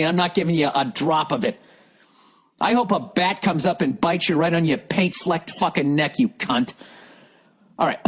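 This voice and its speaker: Profane, ranting man with a high voice. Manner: profane, angry ranting with shouted outbursts. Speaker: comedian. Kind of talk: ranting comedy podcast monologue.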